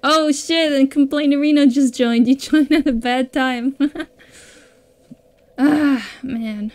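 A woman's voice: high-pitched, slow, no room sound. A woman streamer chatting casually with viewers while she plays, laughing often. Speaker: gaming streamer. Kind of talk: casual live-stream gameplay chat.

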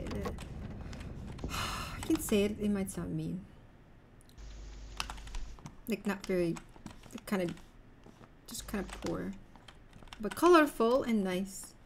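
A woman's voice: medium pitch, slight background noise. A young woman streaming a game, chatting loosely and rambling to her viewers, with the odd swear. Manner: rambling, loose and swearing, talks straight to chat. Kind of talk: casual gameplay chat with viewers.

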